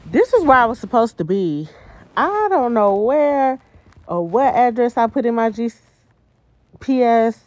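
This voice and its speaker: A woman's voice: on the high side, sing-song, unhurried, a little mellow, no room sound, rough recording. A woman, talking casually and dramatically to her viewers in a vlog, sounding tired. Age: 20s. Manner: chatty and dramatic, often calling out to viewers. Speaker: vlogger. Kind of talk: casual vlog talk to camera. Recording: phone video with car noise.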